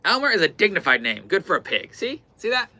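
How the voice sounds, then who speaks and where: Inside a far-northern fabric shop, a man runs a live-stream sale, chatting casually and repeating item numbers. His voice sits high with wildly swooping pitch, a fast pace, and a sharp tone.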